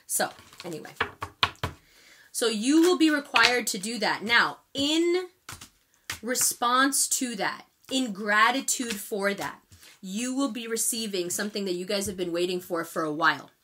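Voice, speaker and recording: A New York woman rattles off a casual astrology forecast at speed, chatty and emphatic. Her voice is bright and sharp. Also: on the high side, expressive, a little slow, slight background noise.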